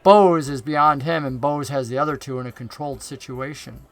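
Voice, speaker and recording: A man's voice: mid-range voice, fairly even intonation, moderate pace, no echo. A man narrating a tabletop game as game master, describing the scene in an easygoing way.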